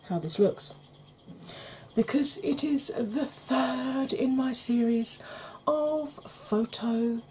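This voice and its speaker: A woman in her forties hosting a chatty makeup vlog, talking in a self-deprecating, animated way. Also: on the high side, a little hiss or hum. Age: 40s. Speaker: beauty vlogger.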